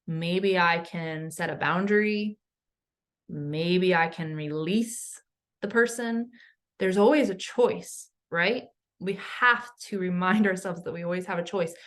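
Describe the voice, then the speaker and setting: A woman coach giving an educational talk, earnest, explaining step by step with questions and lists. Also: medium pitch. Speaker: somatic coach.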